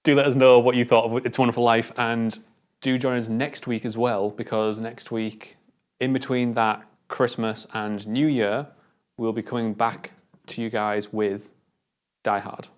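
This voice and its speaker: A British man co-hosting a relaxed film review with his mate. He talks in a middling voice, animated and quick to laugh, dropping the odd swear word as he goes. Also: medium pitch. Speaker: film podcast co-host. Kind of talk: casual film review chat.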